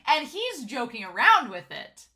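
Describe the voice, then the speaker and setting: A woman chatting casually through an episode recap, full of "like" and quick asides. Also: on the high side, big pitch swings, bright, forceful tone. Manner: chatty, giggly, lots of "like" and filler. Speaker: anime reviewer.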